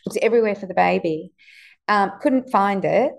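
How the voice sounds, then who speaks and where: A woman's voice: medium pitch, animated, moderate pace, creaky. A woman in her sixties who owns a farm, telling rambling stories in casual chat. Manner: rambling, chatty storyteller with fillers. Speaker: farm owner.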